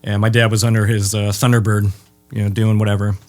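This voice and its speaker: A man's voice: lowish voice, little pitch movement, fairly quick, a little mellow, faint music behind. Laid-back guy, dry jokes, lots of ums, chatting as a guest. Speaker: guest, bass guitar maker. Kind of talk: casual interview chat.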